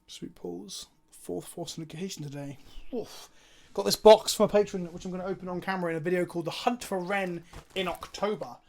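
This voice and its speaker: A man's voice: high-pitched, fairly quick, vocal fry, darkish tone. Chatty, swearing man streaming a card game. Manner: chatty and swears casually, thinking aloud. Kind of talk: casual live-stream gameplay commentary.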